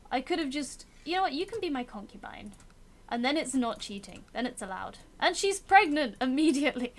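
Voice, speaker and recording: A young woman giving casual, self-mocking commentary as she plays a strategy game and talks to its characters. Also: high voice. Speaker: gameplay commentator.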